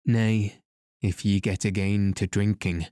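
A man's voice: fairly low pitch, level tone, slow, warm tone, dry recording, studio quality. A man reading as a scornful, wary hired sailor. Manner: scornful, curt.

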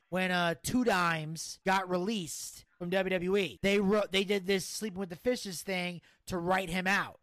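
A man's voice: high-pitched, fairly bright tone, dry recording. A man hosting a podcast, giving blunt, opinionated wrestling recaps in casual chat. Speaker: podcast host.

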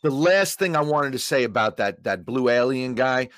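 Halting man musing in casual chat. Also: mid-range voice, animated, fairly bright tone. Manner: hesitant, halting, many fillers. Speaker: regular guest.

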